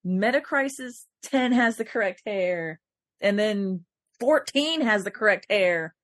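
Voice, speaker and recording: A woman's voice: mid-range voice, lively intonation, measured pace, dry recording, clean studio sound. A woman on a fan podcast panel, chatting casually and playfully, laughing as she talks. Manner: playful, laughs while talking.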